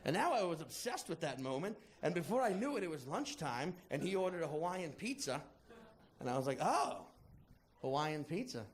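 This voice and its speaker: A man doing stand-up, telling a profane story in a playful, animated way to a live audience. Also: a little high, a little fast, a little hiss or hum. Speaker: stand-up comedian. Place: comedy stage before a live audience. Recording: live crowd laughter.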